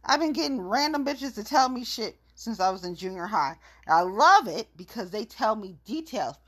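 A woman's voice: a little high, big pitch swings, moderate pace, a bit bright, slightly rough. A woman in a casual monologue rant, blunt, profane and gossipy, telling her side of a story.

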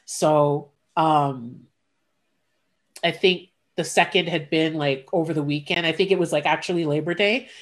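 Speaking a bit slowly in a low voice, a woman candidly retells a personal story in casual conversation. She often restarts, tosses in blunt asides, and animates the tale with quoted voices.

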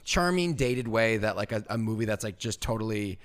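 A man's voice: fairly low pitch, expressive, brisk. A young man hosting a podcast, chatting casually and rambling with constant "like" fillers. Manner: rambling, fills every phrase with "like". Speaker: podcast host. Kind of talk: casual chat.

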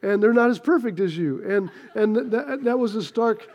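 A pastor giving a sermon in church, telling stories with humor and getting the congregation to respond. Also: male voice, high voice, normal speed, lo-fi sound. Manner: storytelling, lively and joking, asks the congregation to respond. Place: church sanctuary.

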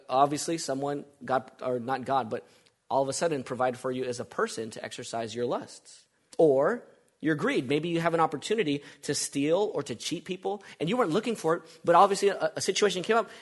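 A man preaching a sermon, emphatic and repetitive, asking the congregation rhetorical questions. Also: a little high. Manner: emphatic, repeats phrases, asks rhetorical questions.

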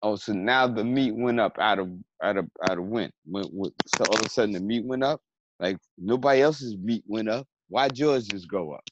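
A man's voice: lowish voice, normal speed. A man in casual conversation who tells a story with energy and acts out both sides of an argument. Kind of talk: casual chat. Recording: slightly dull, faint background noise.

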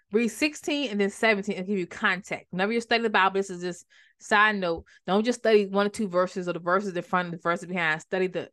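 Give me an animated woman teaching the Bible in a casual podcast chat. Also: mid-range voice. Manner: animated, conversational, repeats words for emphasis.

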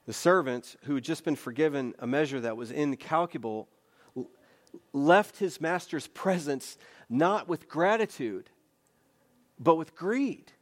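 A man's voice: on the high side, animated, a little slow. A man preaching a sermon as pastor, earnest and emphatic, with repeated phrases and conversational rhetorical questions.

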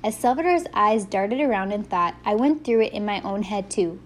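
Female audiobook narrator, mid-pitched, first-person storytelling, faint hiss under the voice. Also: animated, normal speed.

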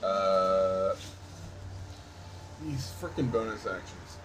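A man's voice: sits low, extremely slow, slight background noise, poor audio. A man playing a tabletop game, talking casually and laughing often. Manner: lively, laughing, joking. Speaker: player.

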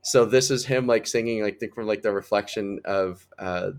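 A man co-hosting a podcast in casual chat, rambling excitedly and filling his talk with "like". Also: lowish voice, moderate pace. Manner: rambling, heavy use of "like", excitable. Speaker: podcast co-host.

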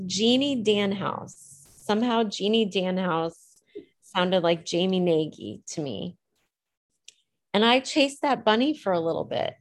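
Slow-talking lady from illinois, thoughtful and careful with her words, lots of pauses. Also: mid-range voice. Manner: reflective, hesitant, chooses words with care. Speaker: interview guest. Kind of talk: personal storytelling in conversation.

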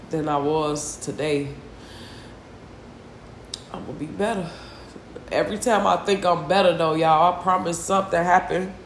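A distressed, tearful woman hosting a solo confessional podcast, venting slowly and heavily with sighs and a lot of swearing. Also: low-pitched, reverberant, a little hiss or hum. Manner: slow, heavy, profane venting with sighs. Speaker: podcast host.

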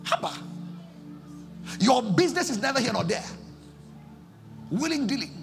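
A Nigerian-accented man preaching a sermon as pastor, impassioned, swinging between shouts and low pleading, in a church service. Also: big pitch swings, normal speed, gravelly, soft background music.

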